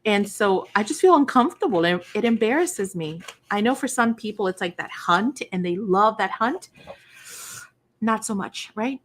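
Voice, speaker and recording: A middle-aged woman chats on a craft livestream in an easygoing, talkative way. She slips into the voices of people in her stories and pokes gentle fun at herself with folksy asides. Her pitch sits in an ordinary middle range. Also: lively intonation, moderate pace, slight background noise. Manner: chatty storyteller acting out quoted dialogue; self-deprecating, folksy fillers. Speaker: craft channel host. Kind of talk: casual livestream chat.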